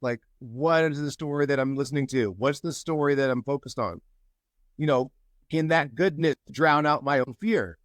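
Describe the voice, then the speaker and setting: A man sharing encouragement and telling a story in a casual group call, lively when he quotes people. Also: mid-range voice, moderate pace, no echo. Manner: storytelling, animated when quoting others. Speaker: mastermind group member.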